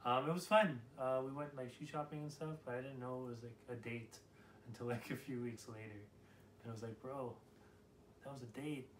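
A young man answering interview questions casually, with joking deadpan quips. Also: mid-range voice, fairly quick, distant mic, a little hiss or hum. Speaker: interviewee, dancer. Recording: roomy and off-mic.

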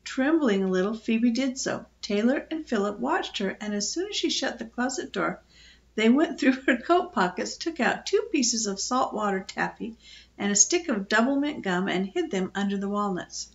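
An older woman reading a children's chapter book aloud in a gentle, expressive way. Her fairly high voice rises and falls with plenty of life. The recording sounds muffled and lo-fi. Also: normal speed. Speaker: storyteller.

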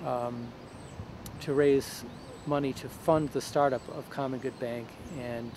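A man's voice: medium pitch, steady tone, takes it slowly. Earnest man explaining, outdoor traffic behind. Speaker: economic reform advocate. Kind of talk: explanatory interview statement.

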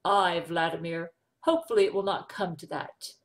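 A woman's voice: very animated, moderate pace, close to an everyday voice. Woman doing a soothing male counselor. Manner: soft, low and soothing.

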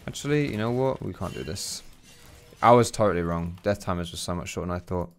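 A man's voice: low voice, fast talker, soft background music. A man giving casual commentary while playing a video game, chatty, swearing and chuckling often. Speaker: gaming video creator.

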